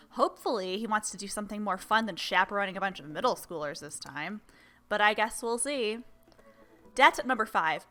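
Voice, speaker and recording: Bright-voiced woman hosting a let's play. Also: mid-range voice. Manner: chatty, self-deprecating asides. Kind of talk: casual game commentary and reading.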